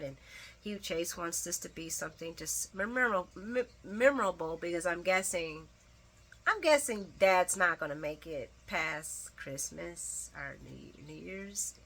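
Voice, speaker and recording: Chatty, animated woman with sassy asides. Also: fairly low pitch. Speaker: soap opera recap vlogger. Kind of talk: casual chat.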